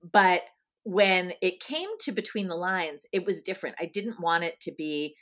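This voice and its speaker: A woman's voice: on the low side, moderate pace, fairly bright tone. A middle-aged woman from Long Island, a guest in a casual interview, chatting with lots of ums and you-knows. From Long Island, New York. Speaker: guest, author.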